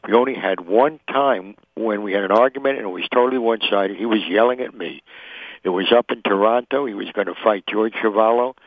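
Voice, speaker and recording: A man's voice: on the low side, brisk, dry recording. An older man, a sportswriter guest, telling vivid anecdotes on an interview show and acting out the quotes. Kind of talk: interview storytelling. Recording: tinny phone line.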